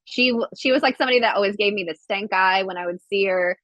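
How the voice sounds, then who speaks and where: A woman guest on a podcast, telling a story in casual chat with lively quoted voices and blunt swearing. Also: medium pitch, fast talker, no echo, highs cut off. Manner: animated storytelling, acts out quotes; swears freely.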